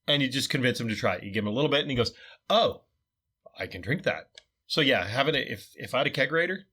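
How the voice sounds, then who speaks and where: Bright-voiced man reviewing beer. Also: mid-range voice. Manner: thoughtful, descriptive. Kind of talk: casual chat.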